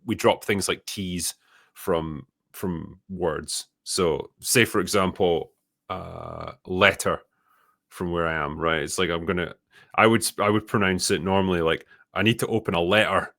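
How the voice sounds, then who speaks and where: Scottish guy, low voice, blunt casual podcast chat, dry close mic. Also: fairly even intonation, a little slow, vocal fry, fairly bright tone, dry recording. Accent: mild Scottish. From Scotland. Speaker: show host reading superchats.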